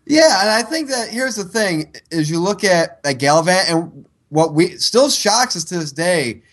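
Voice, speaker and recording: High-voiced man rambling animatedly. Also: measured pace. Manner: rambling, animated retelling of scenes. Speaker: podcast co-host. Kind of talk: casual chat reviewing a TV show.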